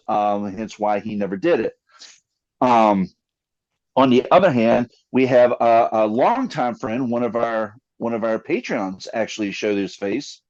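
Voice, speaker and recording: A man co-hosting a casual podcast, animated and joking, with lots of fillers. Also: mid-range voice. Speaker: podcast co-host. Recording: slightly dull lo-fi mic.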